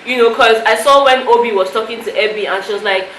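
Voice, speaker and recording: A woman's voice: fairly high pitch, fast, fairly bright tone. Chatty woman vlogger in an echoey room. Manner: chatty, emotional, many "you know" fillers. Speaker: reality show recap vlogger. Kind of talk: casual show recap to camera. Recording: echoey room with faint noise.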